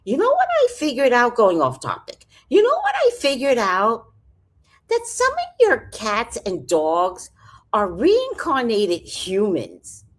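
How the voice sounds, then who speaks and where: Animated woman with a wildly swinging voice. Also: on the high side, takes it slowly. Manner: animated, rambling and profane, joking asides. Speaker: vlogger. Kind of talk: casual livestream chat reading comments.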